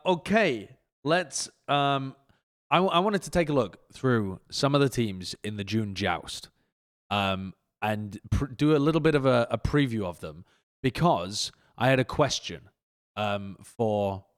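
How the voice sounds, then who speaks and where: A man hosting a casual esports podcast, calmly steering the talk with questions. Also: medium pitch, unhurried. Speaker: podcast host leading the segment.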